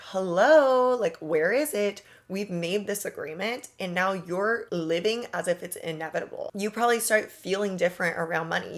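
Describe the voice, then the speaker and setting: A woman's voice: fairly low pitch, a bit bright. A woman coaching on manifestation in a casual, emphatic monologue, talking straight to the listener with slang and rhetorical questions. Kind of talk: motivational monologue.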